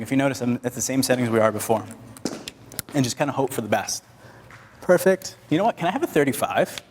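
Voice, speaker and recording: Male photography instructor, mid-pitch, casual and joking, live in a large reverberant hall with faint noise. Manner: joking, chatty, directs assistants on set. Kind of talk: live photography workshop demo.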